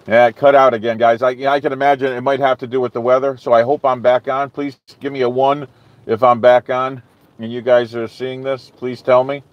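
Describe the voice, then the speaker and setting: A man's voice: mid-range voice, level tone, brisk, no echo, muffled recording. Rambling man hosting a live stream. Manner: rambling, restarts, frequent "okay?" and "you know". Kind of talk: casual chat with live viewers.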